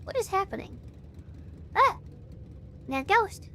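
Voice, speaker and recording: A woman's voice: extremely high pitch, big pitch swings, slow pace, bright, forceful tone, slight background noise. A woman streaming a game as a vtuber, chatting in a goofy, self-mocking way and humming along. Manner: goofy and self-mocking, hums and sings along while playing. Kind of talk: casual gaming stream chat.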